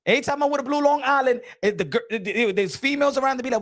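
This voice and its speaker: High-voiced man rambling about boxing. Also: very fast, a bit bright, no room sound, studio quality. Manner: rambling and repetitive, slangy, emphatic. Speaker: boxing channel host. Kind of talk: casual monologue.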